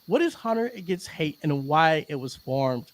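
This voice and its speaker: A man's voice: fairly high pitch, expressive, normal speed. A man hosting a casual podcast interview, supportive and talking with fillers.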